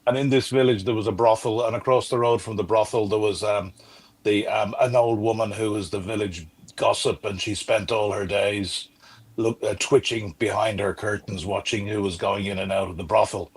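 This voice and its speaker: An Irish man from Dublin, a guest on a livestream, chatting casually and telling jokes in an animated way. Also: fairly low pitch, moderate pace, husky. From Ireland. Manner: jokey, animated storyteller. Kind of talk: casual chat, telling a joke.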